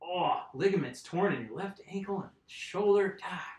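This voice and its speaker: A man's voice: high-pitched, expressive, normal speed, a little mellow. A man casually chatting on a live stream while working on his bike, rambling and answering viewers' comments. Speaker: mountain bike vlogger. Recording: roomy echo.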